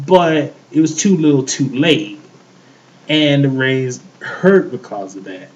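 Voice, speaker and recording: A man's voice: mid-range voice, animated, slow, dull audio. A man co-hosting a show, ranting in heated casual chat, swearing often and repeating himself. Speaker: podcast co-host.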